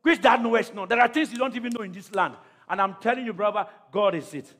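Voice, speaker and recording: A man preaching a sermon to a church congregation, calling out questions to the crowd and often shouting. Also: high voice, quick pace. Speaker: pastor.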